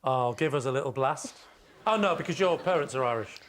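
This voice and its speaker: A man's voice: mid-range voice, animated, a bit bright, slight background noise. Joking male team captain. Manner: quick joking asides. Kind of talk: comic panel banter.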